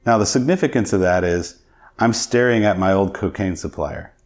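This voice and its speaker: A man's voice: low voice, normal speed, darkish tone. A middle-aged man, a podcast guest, telling his personal testimony in an earnest, reflective way.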